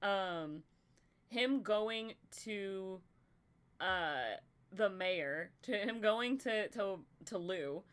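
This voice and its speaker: A woman in relaxed, giggly conversation, thinking out loud and circling her ideas with plenty of filler words. Her voice sits at an ordinary middle pitch for a woman. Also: very slow, clean tone. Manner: giggly, rambling, heavy "like" filler. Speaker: podcast co-host. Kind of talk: casual brainstorming chat.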